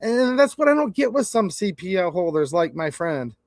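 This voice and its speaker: Blunt, folksy male vlogger, high-pitched. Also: big pitch swings, moderate pace, no echo, studio quality. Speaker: channel host. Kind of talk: casual opinion commentary to camera.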